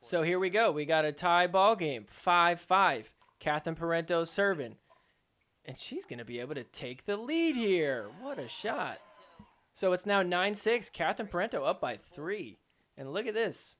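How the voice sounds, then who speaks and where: A man with a slightly raised voice hosts a sports podcast and recaps matches play by play. He talks in a casual, excitable way and keeps throwing in jokes. It sounds like an easygoing solo recap. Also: high-pitched, moderate pace. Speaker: podcast host.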